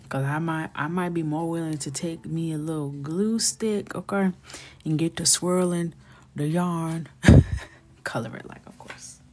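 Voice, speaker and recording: A woman's voice: sits low, fairly even intonation, unhurried, dark tone, a little hiss or hum. A middle-aged woman hosting a coloring livestream, chatting casually and jokingly while reading viewer comments. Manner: chatty, joking, reads chat aloud.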